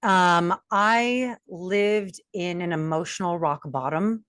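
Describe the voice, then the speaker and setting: A woman's voice: lowish voice, takes it slowly, fairly bright tone, clear, resonant tone, no echo, studio quality. A woman in her forties, a guest coach, telling her life story candidly and acting out the voices she quotes. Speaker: guest, self-mastery coach.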